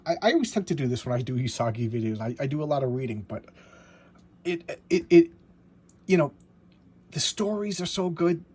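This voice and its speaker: A man reviewing a comic book in casual talk, halting and repeating words as he enthusiastically walks through the story. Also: medium pitch, big pitch swings, a little mellow, breathy edge.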